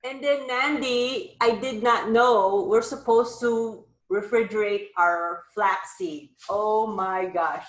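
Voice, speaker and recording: A woman's voice: medium pitch, a little slow, hardly any pauses, echoey room, poor audio. A woman hosting a live wellness chat over a video call, talking in a rambling, upbeat way. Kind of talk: casual chat.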